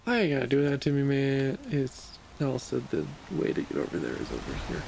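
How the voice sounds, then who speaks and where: A man's voice: medium pitch, huge pitch swings, fairly quick, gravelly, darkish tone, a little hiss or hum. A man streaming a video game, grumbling in frustration and calling himself an idiot as he plays. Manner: frustrated, self-deprecating grumbling. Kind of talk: casual gameplay commentary.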